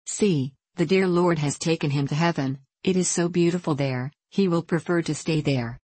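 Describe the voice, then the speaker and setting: A woman voicing a tender young peasant mother who speaks softly through her tears in a storybook reading. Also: sits low, moderate pace, slightly rough, no room sound. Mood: tearful. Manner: soft, tearful.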